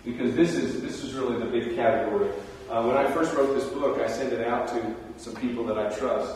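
A man's voice: medium pitch, fairly quick, a little hiss or hum. Guy preaching, chatty storytelling sermon, big echoey church, mic kinda far off. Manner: conversational storytelling, animated asides. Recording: roomy hall, distant mic.

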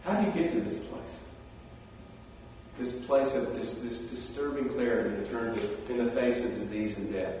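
A man giving a sermon, telling the story in a conversational way with animated asides. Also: mid-range voice, moderate pace, a little hiss or hum. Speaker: preacher. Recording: roomy hall, distant mic.

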